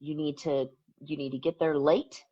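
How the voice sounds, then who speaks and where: Low, husky-voiced folksy woman from the Midwest. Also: fairly even intonation, normal speed, dark tone, dull audio. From American Midwest. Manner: folksy, talkative, laughs easily. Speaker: co-host. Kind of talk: casual chat.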